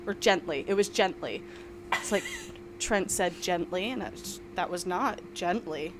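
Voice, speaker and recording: A woman's voice: fairly low pitch, unhurried, noisy background. A woman from New York, co-hosting a podcast in casual chat, rambling and laughing often. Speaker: podcast co-host.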